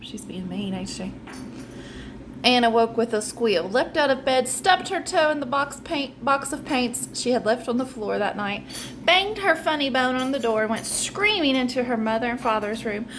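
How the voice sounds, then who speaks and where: A woman's voice: high voice, lively intonation, moderate pace, fairly bright tone, a little hiss or hum. A woman reading a children's book aloud, adding chatty asides between passages. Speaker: storybook reader.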